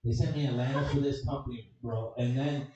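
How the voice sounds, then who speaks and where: A man's voice: mid-range voice, steady tone, fast, warm tone, very echoey, far from the mic, muffled recording, a little hiss or hum. A man from Chicago doing a crude, rambling stand-up comedy set, swearing constantly. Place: comedy club stage.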